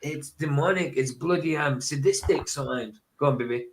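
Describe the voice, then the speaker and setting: Scottish man, podcast host, fairly high voice, chatty, interrupts, swears. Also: a little fast, a little hiss or hum. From Scotland. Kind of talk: casual chat.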